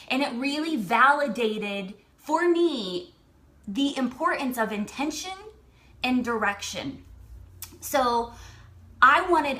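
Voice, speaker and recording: Bright, chatty high-voiced woman. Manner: animated, chatty, lots of "like". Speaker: lifestyle and fertility coach. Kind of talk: personal storytelling to camera.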